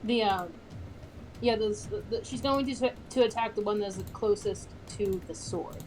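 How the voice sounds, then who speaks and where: A woman's voice: mid-range voice, unhurried, background noise. A woman playing a tabletop game, talking casually and searching for her words. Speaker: player.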